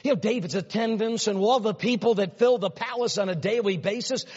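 A man preaches a sermon in a high, husky voice, telling the story with big dramatic swings between quiet murmurs and ringing peaks. His voice carries a long reverb in a church hall, and the recording sounds a little dull. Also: brisk. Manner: dramatic storytelling, swinging from hushed low lines to loud high exclamations.

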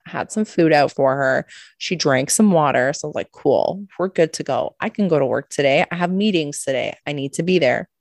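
A woman co-hosting a podcast, telling a story in a lively, casual way, swearing freely and acting out what people said. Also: fairly low pitch, dry recording, clean studio sound. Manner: animated, swears a lot, acts out quotes. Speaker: podcast co-host.

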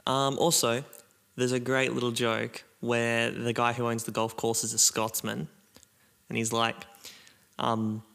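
A man's voice: mid-range voice, monotone, a little slow, vocal fry, fairly bright tone. A man co-hosting a casual podcast chat, recapping a cartoon episode in a rambling way with lots of ums and some swearing. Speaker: podcast co-host.

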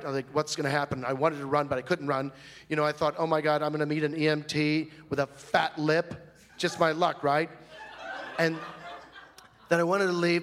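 A comic in character speaks into a stage mic with a natural, slightly high, somewhat bright voice. In this live comedy monologue he plays a flamboyant, fussy, chatty man with a grievance, rambling in a gossipy, prissy way.

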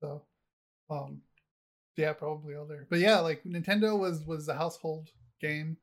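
A man's voice: on the high side, fairly even intonation, moderate pace. A middle-aged man, a podcast co-host, chatting casually and rambling with lots of fillers. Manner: rambling, heavy on fillers, laughs often. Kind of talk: casual chat.

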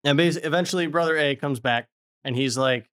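A man's voice: on the high side, fairly quick, fairly bright tone. A young man co-hosting a podcast, animatedly retelling a story in casual chat with frequent laughs. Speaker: podcast co-host.

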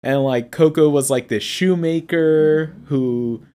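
A relaxed podcast co-host compares two films in easygoing, casual talk. The voice is warm and mellow, and the thoughts come out as they form. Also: medium pitch, slow pace. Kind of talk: casual movie discussion.

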